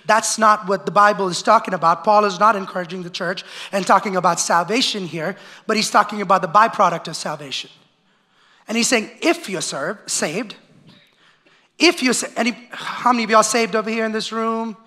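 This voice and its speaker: High-voiced, bright male pastor preaching. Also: brisk. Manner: energetic, calls out to the congregation for response; acts out the voices of complainers. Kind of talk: sermon. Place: church sanctuary.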